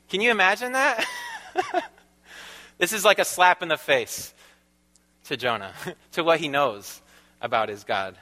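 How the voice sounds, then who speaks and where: A man's voice: a little high, very animated, unhurried, long pauses, bright, forceful tone. A male preacher giving a conversational sermon in a church. He laughs often and asks the congregation questions. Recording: long reverb of a large hall.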